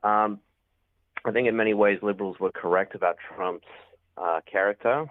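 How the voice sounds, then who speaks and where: A man calls in over a thin, dry phone line. His voice is deep and flat, and he gives his views at a measured pace, filling pauses with uh and um. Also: no echo. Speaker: caller. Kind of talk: call-in opinion.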